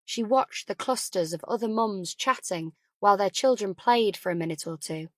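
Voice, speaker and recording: A woman narrating a crime novel audiobook in a calm, even, quiet storytelling voice. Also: mid-range voice, normal speed, dry recording, clean studio sound.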